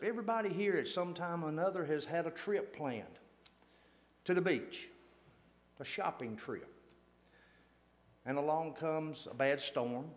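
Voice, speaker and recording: A man telling a folksy, self-deprecating story to a church gathering, repeating phrases for emphasis. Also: a little high. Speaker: church lay speaker.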